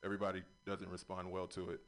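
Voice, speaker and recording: A man finishing a stand-up comedy set, rambling and swearing, with loud, exclaimed punchlines. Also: sits low, monotone, fast.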